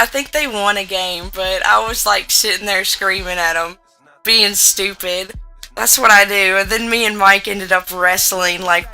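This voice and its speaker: A young American woman in her twenties with a Southern twang, telling rowdy stories in a casual gaming vlog, loud and profane. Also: medium pitch, low-quality recording. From United States. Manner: loud, profane, laughing storyteller with a drawl. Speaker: gaming YouTuber.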